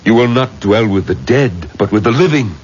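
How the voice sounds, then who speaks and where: An actor playing a stern, protective old wise man, speaking gravely and with command in a radio drama. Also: mid-range voice, moderate pace, darkish tone, natural voice. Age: older. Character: older male wise elder, stern and protective. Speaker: wise elder. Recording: dull lo-fi radio play with faint noise.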